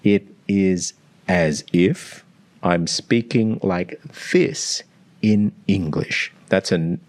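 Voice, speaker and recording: An Australian language coach explains pronunciation in a teacherly way, sounding out examples aloud. His voice is low with a darkish tone, and he takes it slowly in this explanatory analysis.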